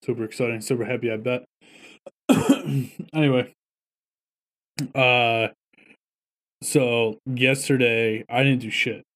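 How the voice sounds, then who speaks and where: A man's voice: mid-range voice, level tone, slow, long pauses, fairly bright tone. A man in casual podcast chat with a laid-back, wry way of talking.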